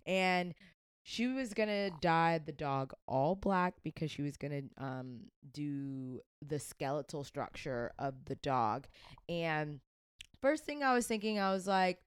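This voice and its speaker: A woman's voice: sits low, expressive, measured pace, clear, resonant tone, no room sound, studio quality. A woman co-hosting a podcast, chatting casually and trailing off with fillers. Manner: chatty, many fillers and restarts. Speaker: podcast co-host. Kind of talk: casual chat.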